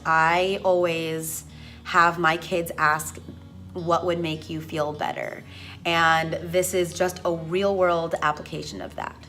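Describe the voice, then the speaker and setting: A young woman teacher speaks to her vlog audience slowly and with deliberate pauses, in a voice pitched a little low. She is earnest and emotional, close to tears but holding on. Soft music plays faintly behind her. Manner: earnest, impassioned, slow-spoken. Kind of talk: reflective vlog talk.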